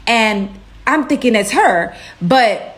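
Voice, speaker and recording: A young woman from Brooklyn tells a storytime vlog. She is animated and chatty, dropping "like" and "right?" all through it. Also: on the high side, slow. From Brooklyn, New York.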